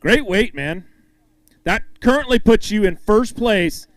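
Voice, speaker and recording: High-pitched and unhurried, with lively intonation on a dry recording, a male emcee leads a fishing tournament weigh-in. He summons each angler to the stage, reads the weight, and cracks jokes while cheerfully hyping them.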